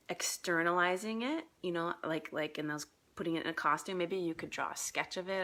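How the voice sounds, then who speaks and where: A woman's voice: low voice, gravelly, pushed and bright. A woman coach talking casually on a live group call, chatty, laughing often, with many fillers. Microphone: phone.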